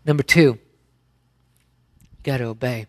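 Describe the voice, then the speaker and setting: A man's voice: mid-range voice, steady tone, a little slow, fairly bright tone. Middle-aged pastor, man, preaching with emphatic rhetorical questions and frequent restarts. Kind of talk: sermon.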